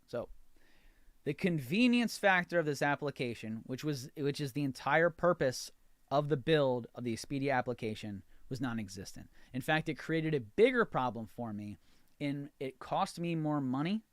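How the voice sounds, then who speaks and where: A man's voice: on the high side, animated, moderate pace, dry recording, studio quality. An American man hosting a podcast, telling a frustrated story in a ranting monologue and acting out both sides of the conversations. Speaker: podcast host.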